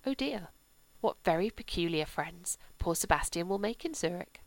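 A woman voicing a gracious aristocratic older lady with a gentle, sweetly ironic manner. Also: lowish voice, lively intonation, moderate pace, no room sound, poor audio.

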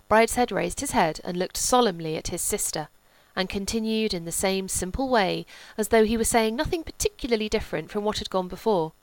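A woman narrating a novel in a composed, even storytelling manner. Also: mid-range voice, a little fast, few pauses, no echo, poor audio. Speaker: audiobook narrator.

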